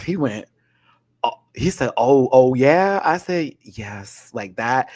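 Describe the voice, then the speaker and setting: Animated man telling a story. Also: mid-range voice. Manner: lively and dramatic, with slang, shrieks and laughter. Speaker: vlogger.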